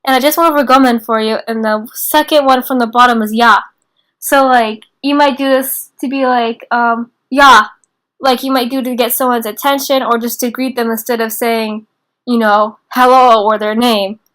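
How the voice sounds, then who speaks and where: A young woman teaching a casual beginner class in an informal, chatty way, slowing down to repeat phrases. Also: fairly high pitch, fairly even intonation, a bit bright. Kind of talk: casual online lesson.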